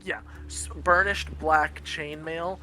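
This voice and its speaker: A man's voice: on the high side, fairly even intonation, takes it slowly, bright, forceful tone, faint music behind. A man narrating as game master of a tabletop game, describing scenes in a rambling, self-correcting way.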